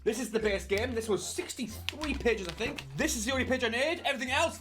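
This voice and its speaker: A man reading a game guide aloud as a video creator, breaking into giggling fits and loud mock outbursts. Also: very high voice, quick pace, few pauses, faint music behind.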